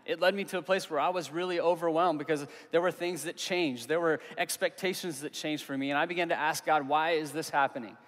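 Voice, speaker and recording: A young man preaching a sermon as pastor, earnest and conversational, pausing for emphasis on key words. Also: on the high side, steady tone, a bit bright. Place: church hall. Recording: long reverb of a hall.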